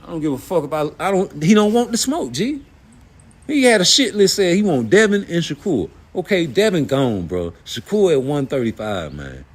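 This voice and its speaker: A middle-aged boxing commentary host launches into a heated rant about boxing, blunt, profane, and animated, throwing out rhetorical questions. His voice is on the high side and slightly rough, at normal speed.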